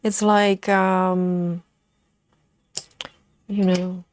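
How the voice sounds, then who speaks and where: A woman's voice: lowish voice, level tone, drawn-out words, a little hiss or hum. A woman hosting a casual live stream, chatting and giggling as she reads viewer comments aloud. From United Kingdom.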